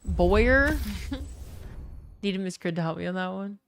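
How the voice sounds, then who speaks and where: A woman's voice: medium pitch, animated, takes it slowly, gravelly, slight background noise. A young woman from Louisiana with a New Orleans accent, chatting casually with her stream chat and swearing freely. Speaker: gaming streamer.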